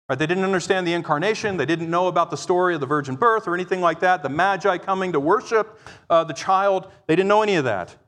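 A man preaching a sermon, swinging between loud exclamations and quiet, explaining asides. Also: high voice, quick pace. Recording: long reverb of a large hall.

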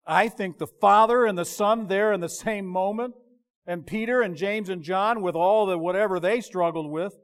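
A man preaching in a notably high, bright-sounding voice. He talks to the congregation like a friend, stumbling over restarts and pulling his voice down low when he wants a point to land. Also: normal speed. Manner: conversational, self-interrupting, drops to quiet emphasis. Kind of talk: sermon.

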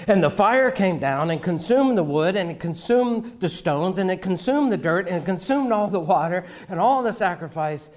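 Male preacher, middle-aged, higher register, dramatic pauses and hushed drops. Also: expressive. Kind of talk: sermon.

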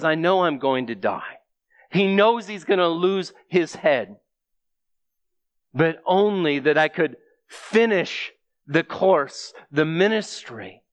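Slow, earnest, high-voiced male preacher. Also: no room sound. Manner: earnest, emphatic preaching with direct address. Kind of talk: sermon.

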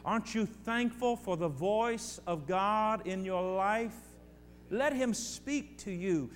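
A male pastor with a high voice preaches a sermon slowly, speaking straight to his congregation with emphatic, repeated phrases while faint music plays behind him. The recording carries a long hall reverb and a faint hum.

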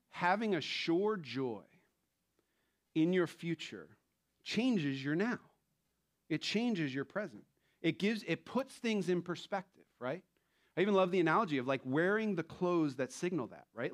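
A male pastor, perhaps in his thirties, preaching in a loose, conversational style. His voice sits a little on the high side, and he tells stories with easy chuckles. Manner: conversational, animated storytelling with laughs. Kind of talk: sermon.

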